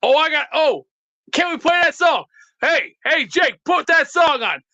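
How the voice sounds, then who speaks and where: A man's voice: very high-pitched, expressive, a little slow, bright, forceful tone, lo-fi sound, slight background noise. A man doing a brash mock tough-guy rant, trash-talking and insulting commenters.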